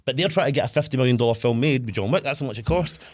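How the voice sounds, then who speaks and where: A man's voice: medium pitch, rapid-fire. A man co-hosting a casual podcast, retelling film scenes with lots of energy and swearing. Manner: animated storyteller, swears freely. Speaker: podcast co-host. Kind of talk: casual chat.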